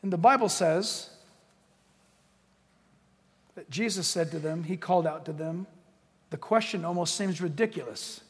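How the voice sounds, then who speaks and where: High-voiced animated male preacher in a hall. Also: moderate pace, long pauses, slightly rough. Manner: animated, jokey preaching with acted-out quotes. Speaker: pastor. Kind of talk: sermon.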